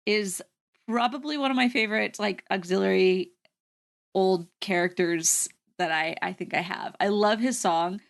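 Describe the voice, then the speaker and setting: A woman's voice: mid-range voice, normal speed, vocal fry. A young woman co-hosting a casual podcast chat, laughing often and filling her talk with "like.". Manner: giggly, says "like" often. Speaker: podcast co-host.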